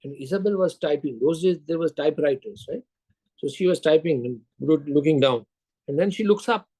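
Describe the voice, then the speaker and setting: A man's voice: fairly high pitch, a little fast, mellow, husky, low-quality recording. Older man telling sales stories. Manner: storytelling, acts out dialogue, quizzes the audience. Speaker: sales lecturer. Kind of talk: lecture with anecdotes.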